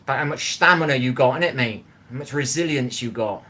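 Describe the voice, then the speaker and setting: A man's voice: medium pitch, brisk, pushed and bright. A man hosting a casual live cooking stream from his home kitchen, sitting on a chair. He rambles, greets viewers by name and swears freely. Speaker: livestream cooking host.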